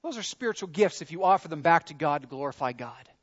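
A man's voice: fairly high pitch, expressive, fast talker, highs cut off. A man preaching a sermon in an earnest, conversational way, leaning into his questions. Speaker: pastor.

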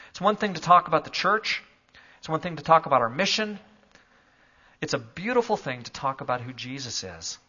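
A man preaching a sermon to a church congregation, moving from calm explanation to loud, emphatic declarations. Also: fairly high pitch, dull audio. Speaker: pastor. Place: church sanctuary.

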